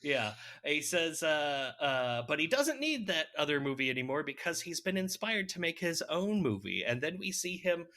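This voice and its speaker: Guy on a horror podcast, bright tense voice, laughing a lot as he recaps the plot. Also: on the high side, sing-song, normal speed, few pauses. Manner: laughing, wry plot recap with sarcastic asides. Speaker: podcast co-host recapping a film. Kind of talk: casual chat.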